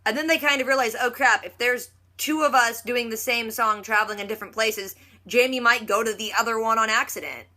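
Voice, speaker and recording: Chatty woman with a bright voice. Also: fairly high pitch. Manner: chatty, acts out quotes in quick voices. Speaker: reaction vlogger. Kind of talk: casual TV episode recap.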